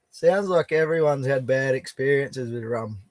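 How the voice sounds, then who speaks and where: A young Australian prospecting streamer speaks at medium pitch on a dry recording, broadcasting live from his bush camp. He keeps things casual and chatty, reading viewer comments aloud and laughing a lot.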